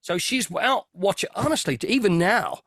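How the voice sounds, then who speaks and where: An English man chats as a guest over a video call, acting out scenes as he tells stories. His voice sits a little high and rises and falls a lot. The sound is dry and close. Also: normal speed, creaky, no room sound. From Britain. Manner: animated storyteller, acts out scenes. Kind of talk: casual chat.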